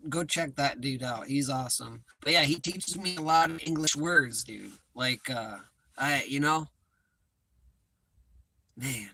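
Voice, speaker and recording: A man in a live chat, talking at a slow, easy pace with a bright, forward tone. He rambles and swears freely, and he pokes fun at himself. The sound is dry and close, with no room around it. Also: a little high, no room sound. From United States. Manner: rambling, profane, self-mocking. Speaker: livestream host.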